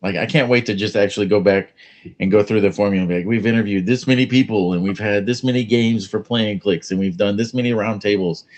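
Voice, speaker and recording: A man's voice: lowish voice, fairly even intonation, fast. A man co-hosting a casual chat show over a remote call, chatty and joking. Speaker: podcast co-host.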